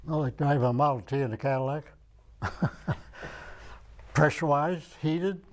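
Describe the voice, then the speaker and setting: This older Michigan veteran has a fairly high-pitched voice and a measured pace. Interviewed for an oral history, he drifts from point to point while recalling things aloud.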